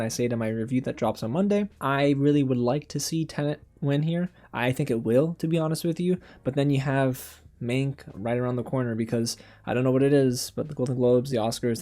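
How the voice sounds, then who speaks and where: A young man hosting a casual film reaction show, animated and exasperated, talking straight to his viewers. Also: medium pitch. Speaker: film critic and channel host.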